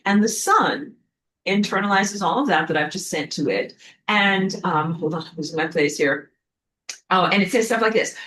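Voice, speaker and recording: A woman's voice: medium pitch, lively intonation, moderate pace, fairly bright tone. A woman giving a casual, dramatic spiritual lesson, stopping now and then to find her place. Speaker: spiritual teacher.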